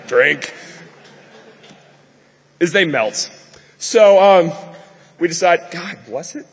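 A man's voice: a little high, expressive, drawn-out words, husky, long reverb tail. A man giving a live conference talk to an audience, rambling and joking with many fillers. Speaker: conference speaker. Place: lecture hall with an audience.

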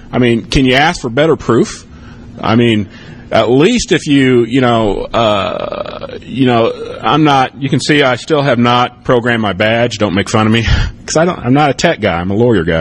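A man's voice: mid-range voice, a little hiss or hum. A middle-aged American man who used to be a police officer, giving a casual, rambling conference talk and taking audience questions, often adding "okay?". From United States. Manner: casual, rambling, frequent "okay?" and "you know".

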